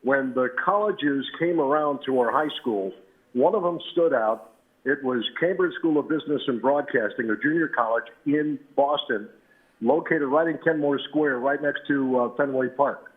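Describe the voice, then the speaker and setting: A man in his seventies, a veteran radio announcer, relaxed and anecdotal as he tells stories as an interview guest. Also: mid-range voice, normal speed. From New Britain, Connecticut. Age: 70s. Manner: relaxed and anecdotal, with frequent "uh" and "you know". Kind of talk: reminiscing storytelling. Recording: tinny phone line.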